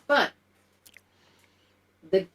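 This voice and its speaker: A woman's voice: drawn-out words, rough recording. A middle-aged woman, telling a personal story to a group in a candid, blunt and emotional way, swearing freely. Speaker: guest telling her story.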